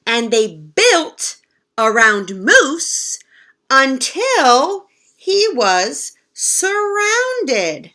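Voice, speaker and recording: With a high, bright voice that swings hugely in pitch, a woman teacher reads a picture book to children very slowly and with a forceful tone. As the read-aloud lesson goes on, she puts questions straight to the kids.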